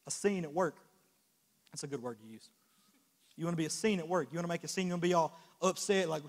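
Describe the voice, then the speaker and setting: A young man preaching with passion, his voice sitting somewhat high for a man. He stacks rhetorical question on question, and the sound carries a long reverb from a church hall. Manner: impassioned, swinging from quiet confession to loud exhortation. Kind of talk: sermon. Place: church sanctuary.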